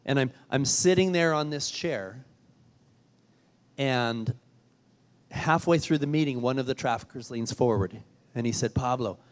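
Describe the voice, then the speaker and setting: A man's voice: mid-range voice, unhurried, pauses often. A man giving a storytelling keynote speech, earnest and emphatic, often repeating words as he restarts a thought. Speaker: keynote speaker. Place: large event hall. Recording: long hall reverb.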